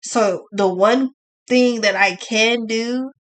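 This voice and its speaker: A woman's voice: on the high side, takes it slowly. A woman giving a casual tarot reading, talking in a blunt, profane, ranting way. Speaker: tarot card reader.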